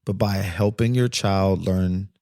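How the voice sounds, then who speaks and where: A man's voice: low-pitched, steady tone, slow, darkish tone, dry recording, studio quality. A man in his thirties hosting a podcast, telling a personal story and then giving earnest, reflective advice straight to listeners. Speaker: podcast host. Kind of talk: podcast monologue on parenting.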